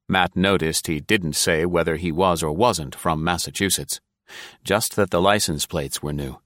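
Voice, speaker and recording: A male narrator with a very deep, low voice reads a thriller in a steady, measured way. The sound is close and completely dry, like a studio booth. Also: dry recording. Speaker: audiobook narrator. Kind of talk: scripted narration.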